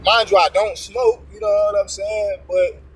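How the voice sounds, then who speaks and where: A man's voice: high voice, steady tone, normal speed, slightly rough, low-quality recording. A man casually telling a testimony story, acting out both sides of a tense confrontation in streetwise slang. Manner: streetwise slang with frequent profanity.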